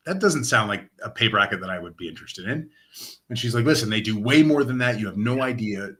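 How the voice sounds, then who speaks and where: Bright-voiced man telling his story. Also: lowish voice, fast. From Lane County, Oregon. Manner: animated retelling, acts out quoted dialogue. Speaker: interview guest, nonprofit director of operations. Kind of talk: casual personal storytelling.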